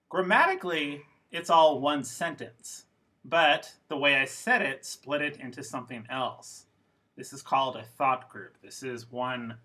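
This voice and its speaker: A man teaching an English pronunciation lesson, speaking slowly and carefully and repeating model phrases for his students. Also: mid-range voice, bright, forceful tone. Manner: slow, careful, demonstrative delivery with model phrases.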